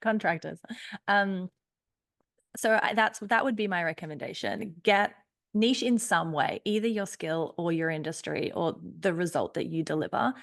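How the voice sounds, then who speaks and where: A woman's voice: lowish voice, moderate pace, creaky. A woman in her thirties with an Australian accent, a podcast guest speaking in an upbeat, emphatic conversational way. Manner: upbeat, emphatic, laughs easily. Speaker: podcast guest, business strategist. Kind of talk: conversational interview.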